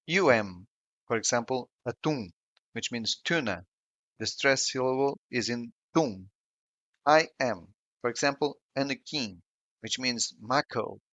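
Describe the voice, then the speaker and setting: A man's voice: mid-range voice, fairly bright tone, no room sound. Man, language tutor, scripted lesson narration, careful sound-by-sound modelling, dry close recording, muffled lo-fi audio. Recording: dull, lo-fi and dry voice-over.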